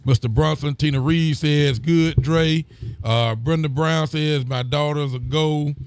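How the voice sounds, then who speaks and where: A man's voice: a little high, steady tone, measured pace, clear, resonant tone, no room sound. A man, a sheriff hosting a local show and greeting viewers by name in a friendly, casual way. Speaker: county sheriff and show host. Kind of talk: casual chat reading out viewer comments.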